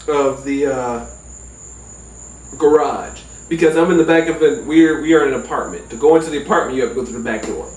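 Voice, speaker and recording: A man telling a personal story in a casual, profane, animated way. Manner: animated, profane, jumps into high yelps. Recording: roomy sound from a distant mic.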